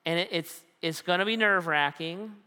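A man preaching a sermon as a pastor, animated and acting out the voices he quotes. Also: sits high, moderate pace, clear, resonant tone. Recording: long hall reverb.

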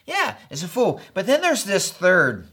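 Middle-aged male pastor, slightly higher voice, relaxed chatty sermon delivery, tells stories. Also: measured pace, husky. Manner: conversational, storytelling with acted quotes and frequent "right?".

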